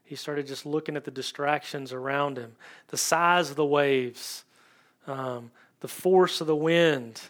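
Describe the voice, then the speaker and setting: A man preaching a conversational sermon in church, searching for his words with frequent ums and pauses. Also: a little high. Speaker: pastor.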